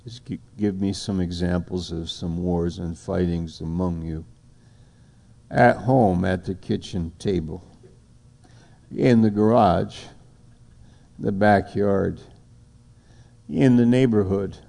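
A man's voice: deep voice, slow pace, creaky, long pauses, warm tone. A man preaching an informal sermon, rambling and conversational. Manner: rambling, conversational, acts out little dialogues.

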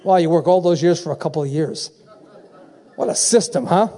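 A man in his seventies preaches with a high-pitched, mellow voice. He drives his points home with repeated phrases and keeps checking in with the congregation. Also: a little fast. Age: 70s. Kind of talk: sermon.

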